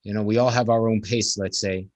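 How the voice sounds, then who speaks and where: A man's voice: lowish voice, steady tone, a little fast, darkish tone, no echo. A man hosting a casual conversation, talking in a rambling, reflective way full of "you know". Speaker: podcast host.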